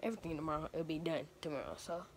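A young woman talks to her viewers in a low voice, rambling and circling back over the same points. She speaks casually from inside a camper, with faint noise behind her. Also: racing. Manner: rambling, repeats herself, addresses viewers as y'all. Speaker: vlogger. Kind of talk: casual vlog chat.

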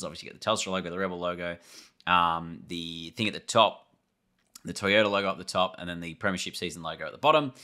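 Low, bright-toned man rambling. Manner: thinking aloud, loose and rambling. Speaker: gaming YouTuber. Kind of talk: casual trailer breakdown commentary.

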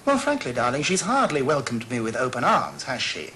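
An actor playing a clumsy, flustered son-in-law who makes dry, sarcastic asides. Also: male voice, mid-range voice, huge pitch swings, a little fast, pushed and bright, a little hiss or hum, poor audio. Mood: flustered wry. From England. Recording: sitcom studio with audience laughter.

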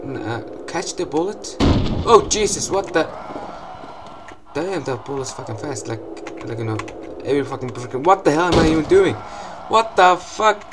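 A young man giving excitable gameplay commentary, swearing often and breaking into loud outbursts and laughs. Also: fairly high pitch, normal speed, very noisy.

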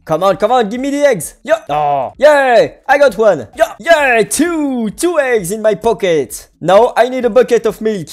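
A woman giving playful gameplay commentary, bubbly and quick to exclaim, giggle and hum little tunes. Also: a little high, sing-song, faint music behind. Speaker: gaming video creator.

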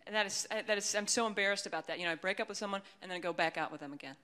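A woman's voice: medium pitch, racing, pushed and bright. A woman comedian doing a stand-up set, self-deprecating and rambling, with dry asides. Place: comedy stage before a live audience.

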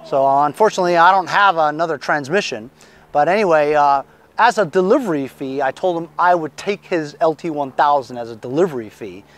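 A man's voice: a little high, fairly quick, fairly bright tone. A middle-aged man reselling lawn mowers, chatting casually and rambling with lots of fillers. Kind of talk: casual chat.

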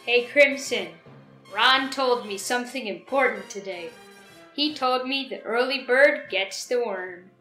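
A performer voicing a dim, cheerful male comedy character who co-hosts, rambling and halting in sketch banter, in an echoey room. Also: mid-range voice, pushed and bright, soft background music. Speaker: co-host.

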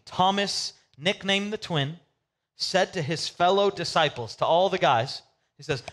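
A male pastor preaching a sermon in a casual, animated storytelling way with comic asides. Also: high voice.

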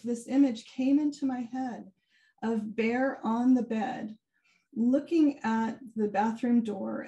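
A woman giving a keynote talk, telling a personal story in an animated way and acting out the quoted dialogue. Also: fairly high pitch. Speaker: keynote speaker. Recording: far from the mic, some echo.

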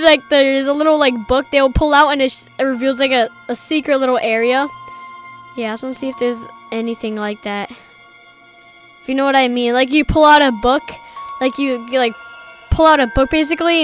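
A young woman with a high voice narrates her horror game playthrough in a jumpy, excitable way. She swings between loud shrieks and hushed whispers as things startle her, with faint music behind her. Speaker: gaming video creator. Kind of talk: let's play commentary.

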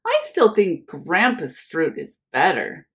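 A woman's voice: on the low side, huge pitch swings, slow pace, fairly bright tone, voice pushed down, exaggerated voice. A woman doing a stubborn little storybook boy. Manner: firm, insistent.

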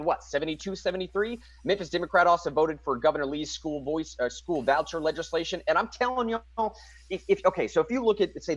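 A man co-hosting an online political talk show, casually excitable and slangy, reading news and listener messages aloud. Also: a little high, no echo, muffled recording. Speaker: podcast co-host.

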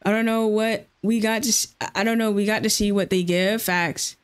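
A woman live streamer chatting casually and excitedly with her viewers while she plays, using lots of slang. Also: medium pitch, moderate pace, clean tone.

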